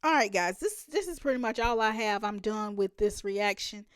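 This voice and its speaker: A woman's voice: medium pitch, expressive, moderate pace, smooth, dry recording, clean studio sound. A woman hosting a reaction video, talking emphatically to her viewers and laughing often. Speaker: reaction channel host. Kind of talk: reaction commentary.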